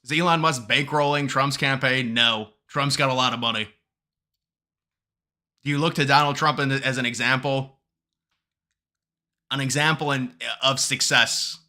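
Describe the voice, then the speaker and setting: A man's voice: mid-range voice, fairly even intonation, a little slow, pauses often, bright, forceful tone. A man hosting a casual live stream, reading chat questions aloud and answering them in a mocking tone, laughing often and tripping over his words.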